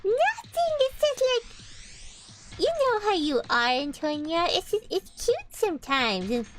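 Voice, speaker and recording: Girl doing a high bouncy nagging roommate voice, teasing and fed up. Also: sing-song, slow pace, faint music behind, exaggerated voice.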